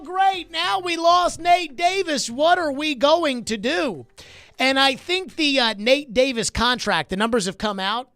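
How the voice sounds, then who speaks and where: A man's voice: high voice, fairly bright tone, clear, resonant tone, no room sound. Emphatic male sports radio host, dry studio sound. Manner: emphatic, repeats points for stress. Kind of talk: sports talk radio monologue. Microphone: studio microphone.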